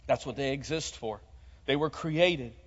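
A man's voice: mid-range voice, a little slow. A man preaching a sermon as pastor, calling on the congregation to join in and speak. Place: church hall. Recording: muffled sound with long hall reverb.

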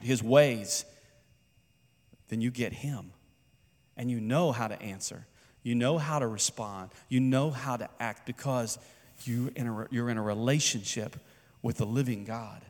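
A male pastor delivering a sermon in a mid-pitched voice, talking to the congregation as if in conversation and asking them questions. His voice rings out with the long reverb of a big church hall. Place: church sanctuary.

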